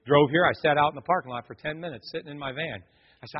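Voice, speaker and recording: A middle-aged pastor preaches with lively storytelling and speaks straight to the congregation. His voice is fairly high and husky. It carries a long sanctuary reverb through a dull, muffled recording. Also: fast. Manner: animated storytelling, addresses the congregation directly. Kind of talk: sermon. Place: church sanctuary.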